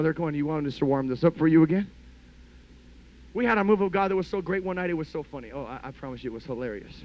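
A man preaching a sermon as a story, talking conversationally with lots of "you know", and swinging between hushed and loud passages. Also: a little high. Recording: dull lo-fi podcast audio.

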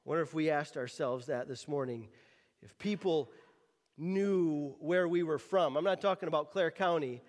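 High-voiced preacher man in a reverberant hall. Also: moderate pace. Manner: drops the g at word ends; repeats words while finding his phrasing. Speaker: pastor. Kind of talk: sermon.

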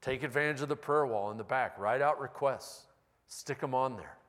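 A man's voice: mid-range voice, normal speed, fairly bright tone. A male pastor giving a conversational sermon with wry, self-deprecating humor. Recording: long reverb of a large hall.

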